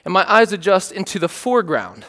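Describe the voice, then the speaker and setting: A man's voice: high voice, brisk, in a large hall. A man preaching a sermon, telling a story in a playful, joking way and checking in with his listeners. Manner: animated, playful, joking with the congregation. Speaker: pastor.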